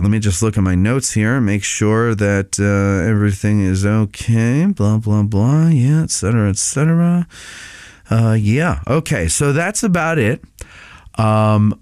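A man's voice: on the low side, darkish tone, no room sound, studio quality. A podcast host giving a casual update on his show, rambling with many filler sounds and restarts.

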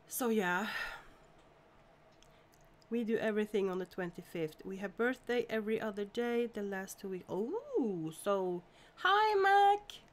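A woman's voice: mid-range voice, a little mellow. A woman from Norway hosting a casual live stream, chatting and greeting viewers by name with frequent laughs.

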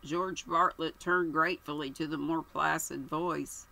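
An older woman reading a mystery novel aloud in a plain, steady narrating voice. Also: low-pitched, a little slow, creaky, rough recording. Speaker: audiobook reader.

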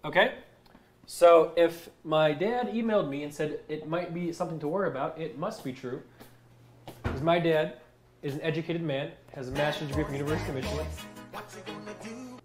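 Teasing young man, high voice. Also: moderate pace, long pauses. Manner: teasing, joking. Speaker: streamer. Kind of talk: casual livestream chat.

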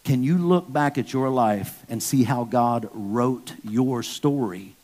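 A man in his fifties preaching a sermon as pastor, candid and storytelling, with sudden loud bursts when acting out stories. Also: medium pitch, slow pace. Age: 50s.

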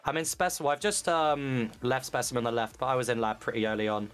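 Gamer, quick talk, joking and teasing, mid pitch. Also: steady tone. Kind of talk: casual game chat on voice call.

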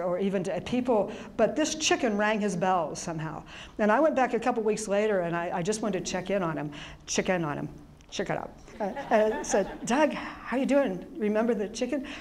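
Middle-aged woman presenter, animated storyteller, talks to a live audience. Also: mid-range voice. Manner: chatty, animated storyteller with many restarts and laughs.

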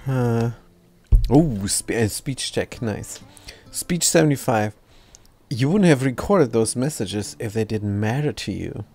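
A man streaming a game live, giving casual commentary, reading chat aloud and making relaxed asides. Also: mid-range voice, unhurried, soft background music.

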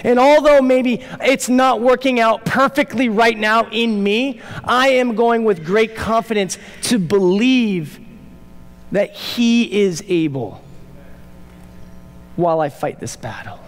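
Man, pastor, very high voice, emphatic sermon, loud peaks and quiet drops, church hall echo. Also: slow. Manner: emphatic preaching, swinging from loud urgent peaks to low quiet asides. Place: church sanctuary.

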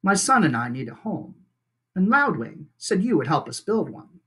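A teacher reading aloud and voicing a calm, polite female robot who speaks in flat, formal, measured sentences. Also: medium pitch, slightly rough, heavily acted.

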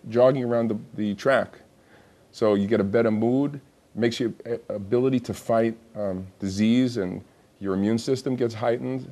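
A man hosts a television health talk show. He speaks in an easygoing, chatty way, addresses the viewers at home directly, and has a voice of middling pitch. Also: dark tone. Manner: chatty, laughs through his own joke. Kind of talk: casual TV talk.

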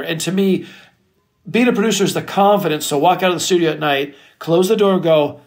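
A middle-aged record producer telling stories in an interview, animated and casual, swearing freely. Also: male voice, high-pitched, fast talker. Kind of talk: storytelling interview chat.

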